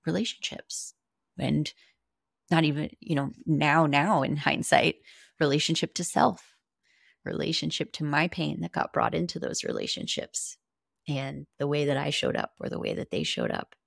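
A woman's voice: low-pitched, lively intonation, normal speed, creaky, no echo, clean studio sound. A woman guest on a podcast, earnestly and candidly telling a personal story, with casual swearing.

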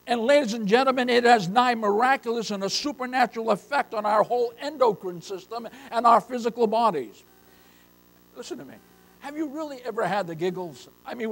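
An older man preaching a sermon as pastor, emphatic, often addressing listeners as beloved, rising to loud bursts. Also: high-pitched, gravelly.

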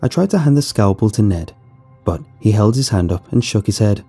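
Male horror narrator, husky, animated delivery, faint music bed. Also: lowish voice, a little fast. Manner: lively, expressive storytelling. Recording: soft music behind the voice.

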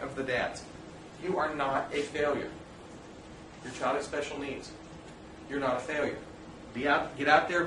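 A man speaks earnestly to fathers in a roomy space, his slightly high voice carrying some echo. He talks plainly and directly, weaving in personal stories. He stands back from the mic, and a faint background hiss sits under him. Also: fairly bright tone, far from the mic. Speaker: parent speaker addressing fathers. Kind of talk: informal talk to an audience.

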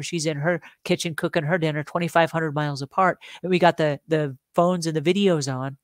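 A middle-aged woman hosting a live show, talking in a chatty, animated way and asking her audience questions. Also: sits low, no echo, studio quality. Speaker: host. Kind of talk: casual live-stream talk.

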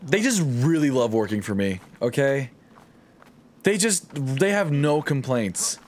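A man's voice: medium pitch, big pitch swings, unhurried, slight background noise. A man streaming a game live, joking and swearing as he talks to his chat and the game characters.

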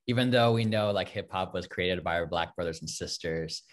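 Earnest low-voiced man from California. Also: normal speed. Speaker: dancer in the film. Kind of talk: casual panel talk.

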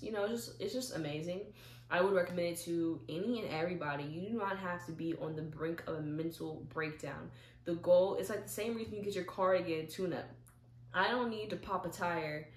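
A young woman with a fairly low voice talks to camera from her chair at home, chatty and animated, acting out little bits of dialogue as she goes. The room rings with noticeable echo, with a faint hiss underneath. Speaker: vlogger. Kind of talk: casual talk to camera.

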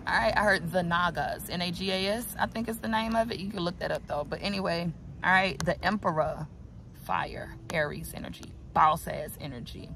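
A woman's voice: on the low side, steady tone, fairly quick, a bit bright. A woman giving a casual tarot reading outdoors, talking to her viewers in a chatty, profane way with lots of asides. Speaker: tarot reader. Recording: outdoor recording with clear traffic ambience. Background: vehicles passing.

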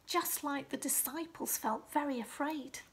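A woman leading a children's liturgy, telling a Bible story slowly and expressively, often dropping into a hushed whisper and asking the children questions. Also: high voice. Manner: asks the listener questions, slow and expressive.

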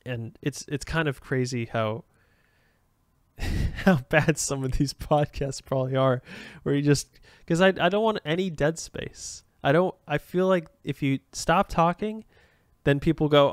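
A man's voice: on the high side, a little slow, clear, resonant tone, no echo, studio quality. A man hosting a solo podcast, rambling and self-aware, with frequent restarts and fillers. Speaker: podcast host.

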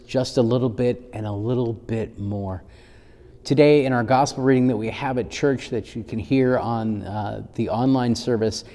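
A male pastor giving a children's sermon, reading a storybook gently and unhurriedly. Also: medium pitch, big-room sound.

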